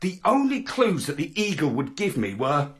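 A man reading a children's story aloud in the first person, with an expressive, swooping storybook delivery. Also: fairly high pitch, moderate pace, husky.

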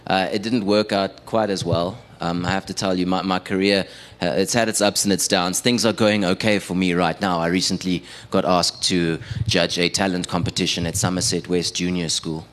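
Low-voiced South African stand-up comic. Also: male voice, little pitch movement, normal speed, few pauses, a bit bright. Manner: self-deprecating, conversational with the audience. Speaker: stand-up comedian and radio producer. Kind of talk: stand-up comedy set. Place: live stage performance.

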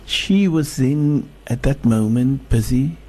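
Sheikh slowly telling a story, husky mellow voice, lots of restarts. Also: male voice, medium pitch. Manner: slow, halting, with many restarts and repeated words. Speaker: sheikh, guest speaker. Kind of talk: storytelling sermon.

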